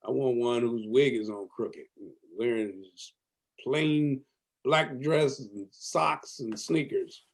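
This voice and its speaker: A man's voice: mid-range voice, takes it slowly. A man guesting on a comedy podcast, talking in a playful, teasing way and laughing often. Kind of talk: casual comedy chat.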